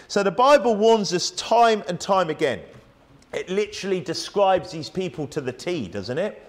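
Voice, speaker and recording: A man's voice: high voice, big pitch swings, moderate pace. A man preaching a sermon, conversational and emphatic, often asking his listeners rhetorical questions.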